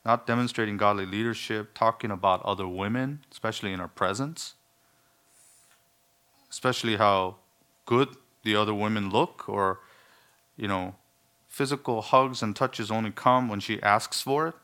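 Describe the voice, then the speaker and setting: A man's voice: on the low side, moderate pace, sharp tone, clear, resonant tone. A male pastor preaching a sermon in an earnest, emphatic way, with some humorous asides.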